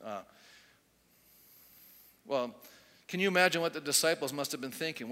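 Male pastor, animated storyteller, forceful bright tone, long hall reverb. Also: a little high, moderate pace, pauses often. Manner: animated storytelling, acting out quoted voices. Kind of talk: sermon.

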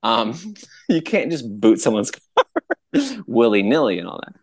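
A man co-hosting a podcast, telling a story in a casual, animated way, laughing often and pitching his voice up high when he quotes people. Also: moderate pace, slightly rough. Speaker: podcast co-host.

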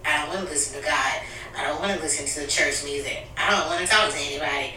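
A woman opens up about a hard stretch in her life, speaking in an emotional, confiding way. Her voice is bright. It comes from some distance across an echoey room with faint background noise. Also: deep voice, quick pace. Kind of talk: candid family conversation.

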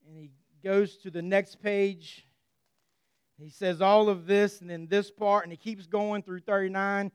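Brief: male preacher giving a sermon, earnest and conversational, with a smooth, resonant voice. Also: high voice, no echo, studio quality. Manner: earnest and conversational, with light humor.

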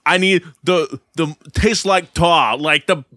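A man playing a tabletop game, deadpan and earnest. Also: fairly high pitch, slow pace, dry recording, studio quality. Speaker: player.

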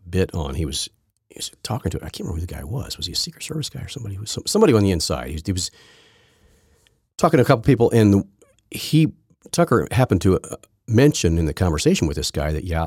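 Low raspy guy ranting on his podcast, sarcastic, bouncy pitch, dry close sound. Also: darkish tone, no room sound. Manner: rambling, sarcastic, frequent restarts. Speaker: podcast host. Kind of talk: casual political commentary.

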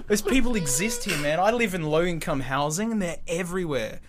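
An Australian man from Australia, chatting casually on a podcast with a lively, profane manner. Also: sits high, fairly quick, few pauses, a little hiss or hum. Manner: lively, profane, slips into character voices. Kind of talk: casual chat.

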